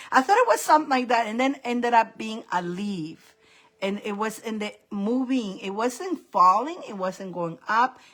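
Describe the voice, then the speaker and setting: A middle-aged woman hosts a casual live reading stream, her voice sitting a little high. She rambles from one thought to the next and breaks into giggles often. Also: fairly bright tone. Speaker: psychic reader and live host.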